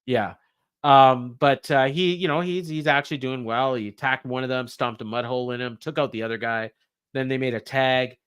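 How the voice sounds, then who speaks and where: A man's voice: medium pitch, fairly even intonation, moderate pace, fairly bright tone, smooth. A man co-hosting a podcast, recapping a show in a rambling way with many fillers. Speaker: podcast co-host. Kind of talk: casual wrestling recap.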